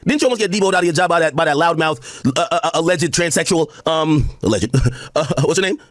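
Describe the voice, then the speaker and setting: A man talks to his chat in a high, animated voice that rushes along. He mocks and swears, laughing between lines, and he says he is drunk. The sound is dry and close. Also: no echo. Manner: profane, mocking, laughing. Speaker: livestreamer. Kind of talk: drunk rant on a livestream.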